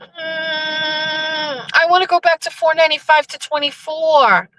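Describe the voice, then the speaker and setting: A woman's voice: high voice, steady tone, unhurried, pushed and bright, low-quality recording. A young woman host chatting casually to her listeners while driving, rambling and cursing in exasperation. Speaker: show host.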